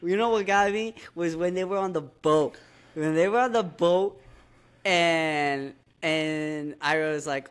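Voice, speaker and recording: A man's voice: a little high, measured pace, fairly bright tone, clear, resonant tone. A man co-hosting a podcast, talking in a laid-back, slangy way and laughing easily. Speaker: podcast co-host. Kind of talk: casual chat.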